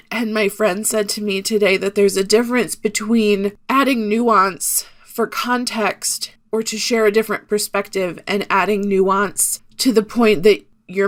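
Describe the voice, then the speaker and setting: Solo podcast host, a woman, tearful and raw, confessional monologue. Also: mid-range voice. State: crying.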